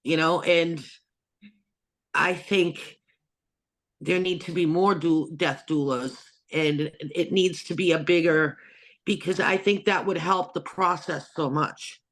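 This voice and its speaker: A woman's voice: low-pitched, fairly even intonation, slow pace. A woman hosting an interview over a video call, talking earnestly and rambling, with many restarts and fillers. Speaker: host. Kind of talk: casual interview chat.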